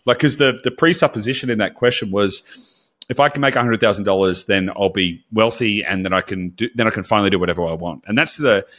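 A man's voice: fairly low pitch, fast, a bit bright. Man, podcast co-host, casual chat, blunt, candid, swears now and then.

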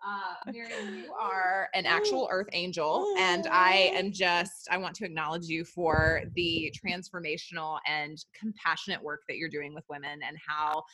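A woman's voice: fairly low pitch, moderate pace, hardly any pauses, pushed and bright, low-quality recording. Effusive, giggly woman podcast host. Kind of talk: casual interview chat.

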